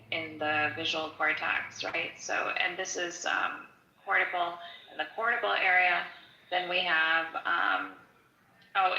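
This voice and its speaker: A woman's voice: fairly low pitch, gravelly, sharp tone, echoey room, highs cut off. A middle-aged woman walking through a neuroscience textbook in a chatty, digressive way, full of "like" and "um". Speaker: study-along teacher. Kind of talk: casual textbook walkthrough.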